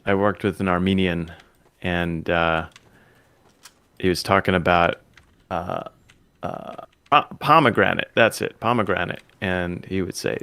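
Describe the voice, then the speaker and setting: A man's voice: low voice, measured pace, long pauses, bright, forceful tone, no room sound. Joking man chatting over game voice chat. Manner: joking, quotes scripture and films. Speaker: gamer. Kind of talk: casual chat while gaming. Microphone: headset or desk mic.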